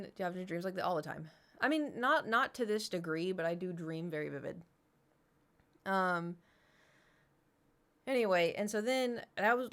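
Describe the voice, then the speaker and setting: A young adult woman streamer telling a long story in casual chat, rambling with lots of fillers and swearing. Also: on the low side.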